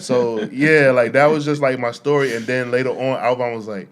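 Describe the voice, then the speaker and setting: A man's voice: medium pitch, brisk, few pauses. A young man, a podcast co-host, telling stories in casual chat, laughing often and acting out what people said. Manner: animated, laughing, quotes people in voices.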